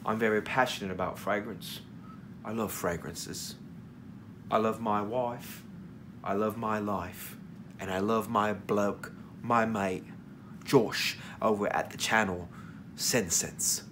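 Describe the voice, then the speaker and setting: A man doing a slow, drawling British bloke. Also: fairly even intonation, background noise. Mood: affable. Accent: put-on British. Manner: slow, low, drawling delivery. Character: laid-back, friendly British man, affable and plain-spoken.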